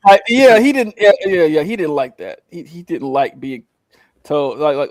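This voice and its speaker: A man co-hosting a casual podcast, rambling through an animated recap with many fillers and acted-out quotes. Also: a little high, moderate pace, no room sound. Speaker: co-host recapping a show.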